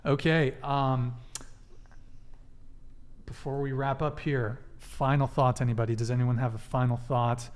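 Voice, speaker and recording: A man's voice: mid-range voice, level tone, measured pace, long pauses. A man hosting a live dating talk stream, reading viewer messages and thanking them in a laid-back way. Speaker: host. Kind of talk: casual livestream chat reading super chats.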